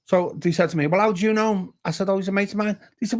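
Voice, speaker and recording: Rapid-fire and high-voiced, a guest pastor with a Liverpool accent spins a casual yarn at a pub bar, throwing himself into every voice he quotes with animated energy.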